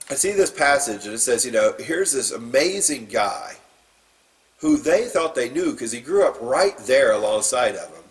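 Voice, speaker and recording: A man's voice: medium pitch, big pitch swings, moderate pace, distant mic, poor audio. A man preaching as a pastor, reading scripture and then giving an informal, plain-spoken sermon with some fillers.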